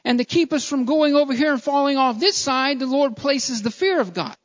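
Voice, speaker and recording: A man's voice: extremely high pitch, lively intonation, brisk. A man, a pastor, preaching a fervent sermon and repeatedly calling out to his congregation. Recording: dull lo-fi sound.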